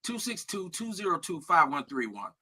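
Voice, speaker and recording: A man's voice: high-pitched, moderate pace. A man hosting a live streamed talk radio show, joking and swearing through loose banter with his co-hosts. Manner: animated, profane, joking banter.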